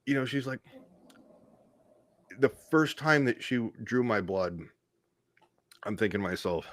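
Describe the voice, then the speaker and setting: A man's voice: mid-range voice, expressive, a little slow, pauses often, dry recording. A man talking as a podcast guest, telling stories in a rambling, self-deprecating way with frequent restarts. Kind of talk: casual interview storytelling.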